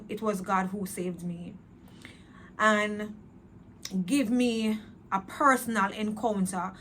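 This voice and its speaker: A woman giving a personal faith testimony in a slow, reflective, earnest way, pausing often with fillers and speaking openly about her feelings. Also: medium pitch, fairly bright tone, slight background noise. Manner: earnest, emotionally open.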